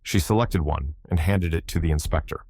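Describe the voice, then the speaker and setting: A man narrating a classic mystery audiobook in a measured, even way. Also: deep voice, no echo, studio quality. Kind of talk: scripted narration.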